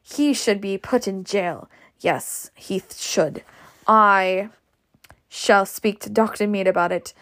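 A woman's voice: mid-range voice, slow pace, a bit bright. A woman voicing a stout, indignant older matron who scolds self-righteously.

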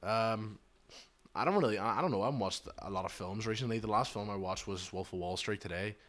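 A young Northern Irish man hosts a podcast with his friend. His voice sits low, and he talks with sarcasm, swearing and easy jokes. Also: fast talker, fairly bright tone. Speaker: podcast host. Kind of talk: casual chat.

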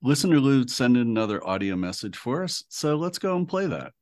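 A man co-hosting a podcast in a relaxed, easygoing casual chat. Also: medium pitch, fairly quick. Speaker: podcast co-host.

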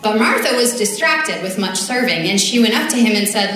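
A woman's voice: medium pitch, expressive, a little fast, few pauses, a bit bright, distant mic. A woman preaching in an earnest, conversational way with casual filler words, reading scripture aloud in a church. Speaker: speaker at a church service. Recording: very echoey church hall.

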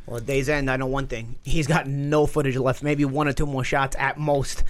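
A man's voice: medium pitch, flat delivery, normal speed. A man hosting a podcast, talking brashly and trash-talking a rival. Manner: brash, taunting trash talk. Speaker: podcast host. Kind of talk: casual podcast chat.

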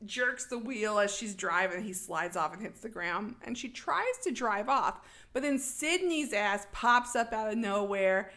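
This is a woman in casual conversation who narrates with plenty of energy, slipping into playful impressions of the characters. Her voice sits in a middle pitch, and the tone stays chatty and informal throughout. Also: a little slow, hardly any pauses. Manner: animated storytelling, acts out quoted lines, laughs often. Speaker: podcast co-host recapping a film. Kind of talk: casual chat.

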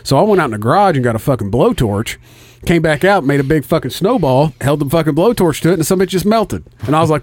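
Guy ranting a cussing story real fast, dry close sound. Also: on the high side, no room sound. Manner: profane, animated storytelling. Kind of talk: casual storytelling chat.

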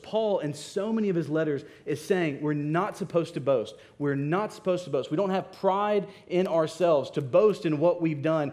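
A man's voice: a little high, a little mellow. Man preaching an emphatic sermon. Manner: emphatic scripture reading and expository preaching. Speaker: pastor.

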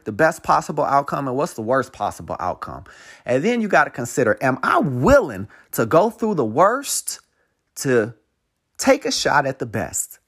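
A man tells a story from his own life in a relaxed, unscripted podcast monologue. He swears freely and keeps dropping in casual fillers as he goes. At times he slows down to reflect and turns the story into a life lesson. His pitch sits in an ordinary middle range. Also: husky. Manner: profane, loose and conversational, full of "man" and "you know". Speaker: podcast host.

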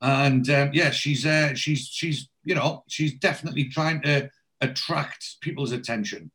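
A man's voice: mid-range voice, unhurried. A man from England, co-hosting a podcast in casual chat and animatedly retelling TV scenes, swearing freely. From South Shields, northeast England. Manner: animated storyteller who acts out lines, with frequent swearing. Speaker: podcast co-host. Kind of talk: casual chat recapping a TV episode.

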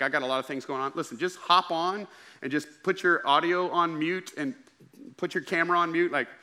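A young pastor preaches with lively, folksy energy and keeps talking straight to his congregation. His voice is bright and forceful, and it sits a bit high for a man. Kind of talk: sermon.

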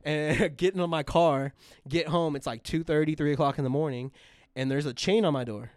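A young man chats casually on a podcast, swearing freely and circling back with lots of fillers and restarts. His voice is smooth and clear, mid-pitched, and sits in a very dry, close space. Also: steady tone, fairly quick, dry recording. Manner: profane, rambling, full of fillers and restarts. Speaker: podcast co-host. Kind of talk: casual storytelling chat.

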